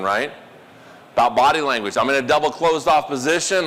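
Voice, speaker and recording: A man giving a live workshop talk, animated and quizzing the audience. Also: on the high side, moderate pace, long pauses, in a large hall, a little hiss or hum. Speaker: workshop presenter.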